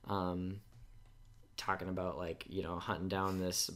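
A man's voice: sits low, little pitch movement, a little slow, a bit bright. A young man co-hosting a podcast, chatting eagerly about films with lots of fillers. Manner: enthusiastic, many fillers, mumbles. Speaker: podcast co-host. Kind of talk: casual movie chat.

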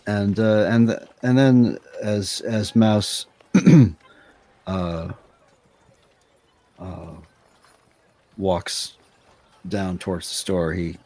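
A man narrating his character's actions as a player, halting with many fillers. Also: low voice, fairly even intonation, a little mellow.

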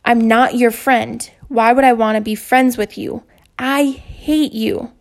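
A wounded, defiant little schoolboy, voiced by a woman. He shouts slow, stretched-out words in a raised, childish voice with a gravelly edge to it. The sound comes from a storybook reading. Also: a little high, fairly even intonation. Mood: angry. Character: upset defiant young schoolboy.

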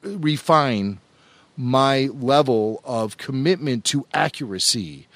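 Lively-voiced podcast co-host man. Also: medium pitch, takes it slowly, dry recording. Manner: animated storytelling, laughs often. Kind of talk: casual chat.

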